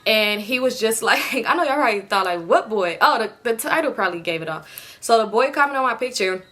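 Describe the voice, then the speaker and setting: A young woman telling a storytime in a blunt, animated, slangy way. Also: fairly high pitch, fast talker. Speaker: storytime vlogger. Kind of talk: casual storytime chat.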